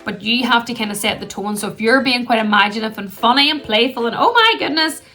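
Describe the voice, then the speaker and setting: A woman's voice: fairly high pitch, fairly even intonation, quick pace, soft background music. A woman, a play therapist explaining puppet play in a chatty, instructional way. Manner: chatty, acts out gentle puppet voices. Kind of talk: instructional talk to camera.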